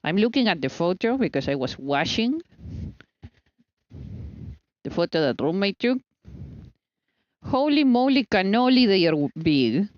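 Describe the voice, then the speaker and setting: A woman's voice: low voice, very animated, normal speed, pauses often, darkish tone, dry recording, muffled recording. A woman streaming herself baking at home, chatting casually and teasing herself as she goes. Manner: chatty, scatterbrained, self-teasing, talking to herself. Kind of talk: casual live-stream chat while baking. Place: home kitchen.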